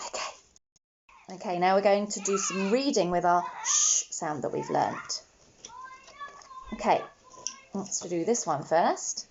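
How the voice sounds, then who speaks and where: A woman's voice: mid-range voice, expressive, slow pace, gravelly, long pauses, lo-fi sound, background noise. A woman teaching a phonics lesson to young children, patient and encouraging, sounding out each letter. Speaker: primary school teacher.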